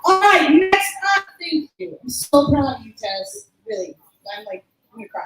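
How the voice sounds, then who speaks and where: A woman's voice: high-pitched, sing-song, unhurried. A woman hosting a student recital as the drama teacher, talking in a chatty, rambling, effusive way with lots of fillers. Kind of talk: emcee remarks at a student recital. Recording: echoey room.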